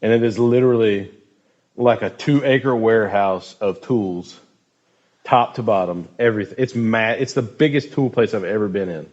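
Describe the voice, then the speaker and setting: A man leading a casual youth group talk, loose and joking, with animated storytelling. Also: fairly low pitch, moderate pace, muffled recording.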